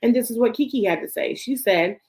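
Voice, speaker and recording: A woman's voice: fairly high pitch, moderate pace, a little mellow. A woman hosting a celebrity gossip show, ranting bluntly and profanely, talking straight to the people she discusses. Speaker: host.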